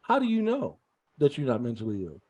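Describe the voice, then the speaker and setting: A man's voice: mid-range voice, huge pitch swings, fairly quick, darkish tone, breathy edge. A man hosting a casual online panel chat, teasing guests with mock interrogation and stammering restarts. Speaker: show host.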